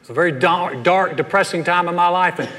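A man's voice: sits high, fairly quick, bright, forceful tone. A man from North Carolina preaching a sermon, telling stories in a folksy way and acting out the voices of the people in them. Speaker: pastor. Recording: long reverb of a large hall.

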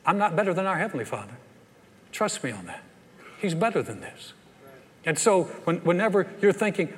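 A man's voice: high voice, very animated, fairly quick, pauses often. An older man preaching a sermon, emphatic with playful asides, in a large church. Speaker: pastor. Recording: echoey hall sound.

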